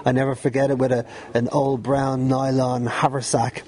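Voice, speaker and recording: A middle-aged Dublin man talking through his memories in a loose, chatty way, often breaking into a laugh. His voice is mellow and soft-edged, sitting at an ordinary pitch for a man. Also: flat delivery, normal speed. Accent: Dublin Irish. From Dublin, Ireland. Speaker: guest, former pirate radio DJ. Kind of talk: relaxed storytelling interview.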